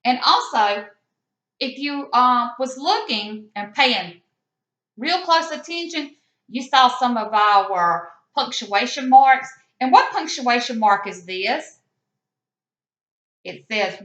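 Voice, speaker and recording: A woman teaching young children in a slow, sing-song voice, pausing for answers and praising them warmly. Her voice sits a little high and sounds bright and crisp. It is recorded in an echoey room with a slightly dull, muffled sound. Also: lively intonation.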